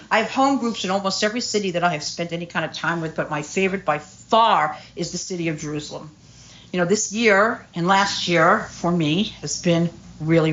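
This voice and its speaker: A woman's voice: low voice, fairly bright tone, dull audio, slight background noise. A middle-aged woman speaking at a recovery meeting, telling her story candidly with lots of fillers. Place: meeting room.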